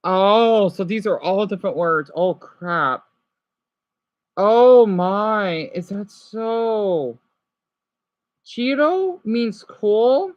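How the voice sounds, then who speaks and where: A woman livestreaming casually, reading practice words aloud and chatting with her viewers, excitably exclaiming at surprises. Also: mid-range voice, extremely slow, dry recording. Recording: dull lo-fi sound.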